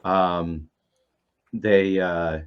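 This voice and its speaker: Middle-aged man, lowish voice, rambling panel storyteller, muffled lo-fi sound. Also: steady tone, drawn-out words, a little hiss or hum. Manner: rambling storyteller with many fillers. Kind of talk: casual panel chat. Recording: dull lo-fi audio.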